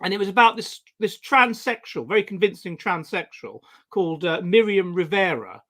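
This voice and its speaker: A man in his forties talks in a high voice, circling back and restarting as he tells his stories. His delivery is loose and conversational. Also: animated, fairly bright tone. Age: 40s. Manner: rambling, halting storytelling with many restarts. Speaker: guest. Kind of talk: casual conversation.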